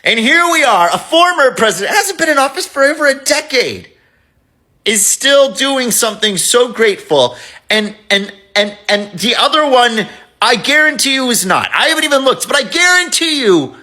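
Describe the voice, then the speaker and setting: A man's voice: very high-pitched, very animated, moderate pace, sharp tone. A man giving an emotional, impassioned reaction monologue, swearing as he talks. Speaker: commentator reacting to a video.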